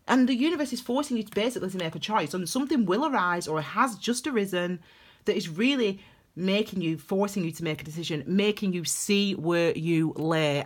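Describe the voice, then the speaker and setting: A woman's voice: mid-range voice, breathy edge. A woman giving a casual tarot reading, chatty and rambling, laughing often. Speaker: tarot reader.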